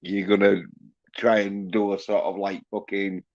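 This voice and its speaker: A man's voice: on the low side, flat delivery, normal speed, a little mellow, lo-fi sound. A man hosting a livestream, ranting in a rambling, boastful way with constant swearing. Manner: profane, boastful, laughs at own jokes. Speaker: livestream host.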